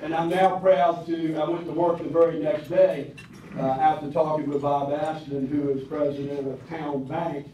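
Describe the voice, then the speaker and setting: A county commissioner in his 60s, his voice a touch high for a man, gives a folksy, personal speech at a public event in a Southern drawl, pausing often with ums and uhs. He sounds distant in a large, echoey hall, with cutlery and dishes clinking faintly. His pitch barely moves, and the muffled recording carries slight background noise.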